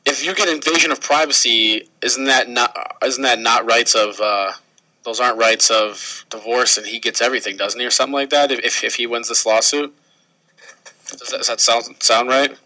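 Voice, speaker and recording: A man's voice: mid-range voice, steady tone, normal speed, bright, forceful tone, poor audio. A young man co-hosting a casual radio show, joking around and rambling through his points with lots of restarts.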